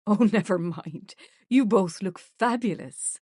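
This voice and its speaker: A gallant, good-humoured older gentleman, put on by a woman reading an audiobook. He compliments people with easy charm in a slightly lowered voice. The sound is dry and close. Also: slow, no room sound. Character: older gallant man with white hair.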